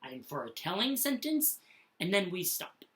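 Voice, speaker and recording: A woman teaching punctuation to young children in a slow, sing-song voice, often checking in with "okay?". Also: lowish voice, very animated, fairly bright tone, a little hiss or hum. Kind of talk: classroom lesson for children.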